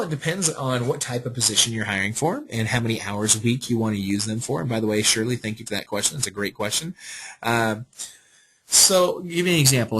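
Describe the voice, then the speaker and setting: A man's voice: medium pitch, a bit bright, husky, low-quality recording. A man hosting a live webinar Q&A, upbeat and salesy, reading out viewer questions and answering them. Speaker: webinar host.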